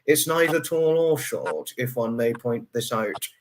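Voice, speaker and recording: A man's voice: mid-range voice, unhurried, slight background noise. A man hosting a casual livestream, chatting with a guest and reading out viewer comments. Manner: chatty, repeats phrases, talks to chat viewers. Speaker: livestream host. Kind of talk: casual chat.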